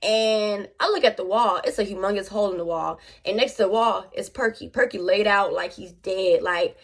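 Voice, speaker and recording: A young woman telling a storytime on her vlog in casual slang, animated and chatty with her viewers. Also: mid-range voice, moderate pace, creaky. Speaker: vlogger.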